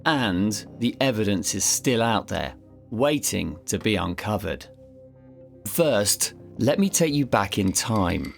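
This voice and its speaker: Low-voiced man telling a dramatic story. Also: big pitch swings, slow pace, gravelly, faint music behind. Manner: suspenseful, vivid storytelling. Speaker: storyteller and narrator. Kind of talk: dramatic scripted narration.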